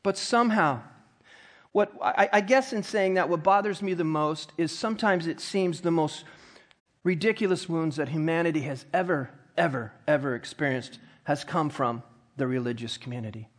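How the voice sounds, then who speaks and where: High-voiced pastor guy preaching in church, reads the bible out loud and acts out the mockers. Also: moderate pace. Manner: reads scripture aloud, then acts out the mockers with rising intensity. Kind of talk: sermon.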